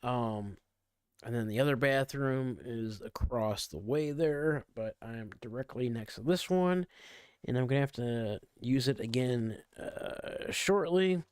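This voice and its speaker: A man's voice: mid-range voice, measured pace, a little mellow, clear, resonant tone, no echo, studio quality. A man winding down a casual livestream from his bedroom at home, rambling and interrupted by hiccups and burps. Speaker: streamer.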